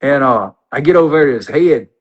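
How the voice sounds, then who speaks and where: A man, a podcast guest telling an animated, rambling, folksy story in casual conversation. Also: mid-range voice, normal speed, dull audio.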